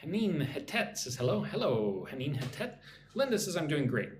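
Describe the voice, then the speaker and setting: A man teaching English on a live stream, drilling phrases slowly and greeting viewers from the chat, a little sleepy. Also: a little high, very animated. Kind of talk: live-streamed pronunciation lesson. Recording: echoey room with faint background noise.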